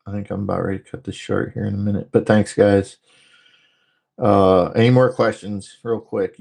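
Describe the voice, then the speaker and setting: A man from the northern United States hosting a casual livestream, talking fast and rambling through jokes while he reads out viewer comments. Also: on the low side, creaky, a little mellow. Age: adult, former military. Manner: rambling, joking, talks fast. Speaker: livestream host.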